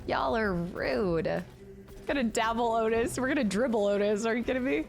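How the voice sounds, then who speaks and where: A woman's voice: fairly high pitch, normal speed, vocal fry. A woman in her late twenties chatting casually on a gaming livestream, talking with her chat and laughing often. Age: late 20s. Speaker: streamer.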